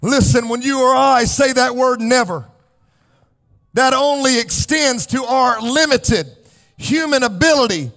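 Impassioned high-voiced male pastor preaching. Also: unhurried. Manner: impassioned preaching, rising to shouts and sung cadences. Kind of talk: sermon. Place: church sanctuary.

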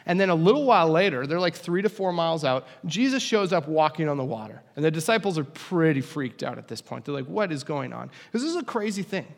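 A man's voice: a little high, animated, fast, hardly any pauses. A young man preaching a casual, conversational sermon with humorous asides. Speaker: pastor. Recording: long hall reverb.

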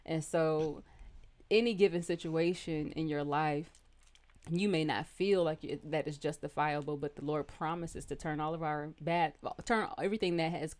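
A woman co-hosting a casual faith podcast, reading scripture aloud and growing animated at times. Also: sits low, moderate pace. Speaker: podcast co-host.

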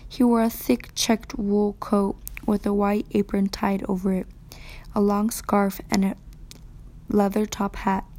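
A woman reading a novel aloud in a soft, half-whispered way, with her own commentary. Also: medium pitch, little pitch movement, a little slow. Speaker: student reader.

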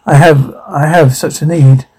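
A man voicing a jealous, scheming young woman who is a ghost, in halting, restarting phrases. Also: fairly high pitch, steady tone, a little mellow, slightly rough, poor audio. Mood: brooding.

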